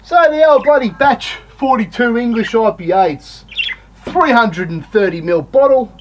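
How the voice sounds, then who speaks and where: Slow, rambling Australian bloke. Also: male voice, high voice, background noise. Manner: rambling, sweary, blokey banter. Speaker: beer reviewer and show host. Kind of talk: casual beer review chat.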